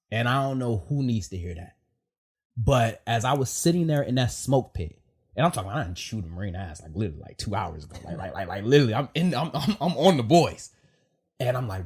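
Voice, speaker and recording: A man hosting a podcast, telling a story in an emotional, animated way, with lots of fillers and swearing. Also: on the low side, quick pace, slightly rough. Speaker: podcast host. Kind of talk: casual heartfelt chat.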